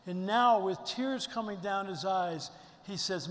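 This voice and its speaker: A man's voice: high-pitched, slow pace, a bit bright. Folksy older man in a reverberant hall. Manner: folksy, storytelling, heartfelt. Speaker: keynote speaker. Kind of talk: inspirational luncheon speech. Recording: long reverb in a large hall.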